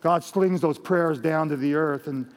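A man with a Mexican American accent preaches in an earnest, direct way, circling back on his own phrases. His voice sits a little high. The long reverb of a hall trails after his words. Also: unhurried. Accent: Mexican American English. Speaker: pastor. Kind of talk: sermon.

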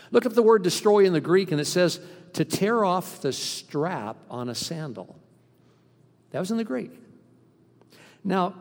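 A man preaching a sermon as pastor, animated and acting out the voices he quotes. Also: a little high. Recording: long reverb from a hall.

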